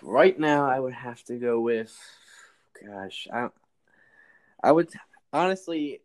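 A man's voice: mid-range voice, animated, slow. A man guesting on a casual sports chat, opinionated and often restarting his sentences.

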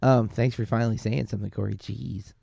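A man's voice: fairly low pitch, a little fast, vocal fry, darkish tone, dry recording, clean studio sound. A man co-hosting a podcast, talking through a film in a casual, rambling way, often correcting himself and using fillers. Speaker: podcast co-host.

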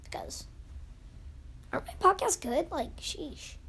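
A woman's voice: sits high, lively intonation, takes it slowly, sharp tone, in a whisper. A young girl rambling playfully as the host of her own pretend podcast, acting out little scenes. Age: child. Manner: rambling, goofy, acts out scenes.

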